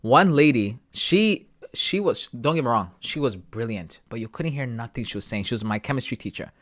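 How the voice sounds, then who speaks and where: A relaxed man from Ghana talks casually to his live-stream chat, cracking jokes and dropping slang. His voice sits at an ordinary, mid-range pitch. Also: normal speed. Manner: laid-back, joking, talks to chat with slang. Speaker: forex trading streamer.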